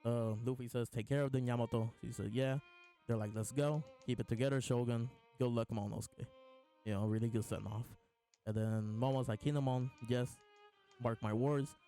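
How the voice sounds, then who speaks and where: Faint music plays behind a man whose medium-pitched voice sounds warm and fairly even as he reads a comic chapter aloud at a moderate pace. He's hosting a casual live reaction, laughing and restarting between lines.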